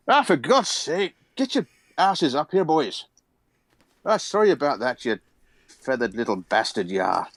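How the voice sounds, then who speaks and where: A man's voice: mid-range voice, sing-song, a little slow, long pauses, dry recording. A man doing a cursing old Scottish dwarf. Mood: gruff. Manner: cursing, insulting. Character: grizzled old male dwarf, crude and gruff.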